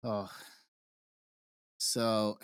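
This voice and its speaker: A man's voice: lowish voice, flat delivery, extremely slow, smooth, no echo, studio quality. A man co-hosting a podcast, telling a story in crude, joking banter. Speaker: podcast co-host.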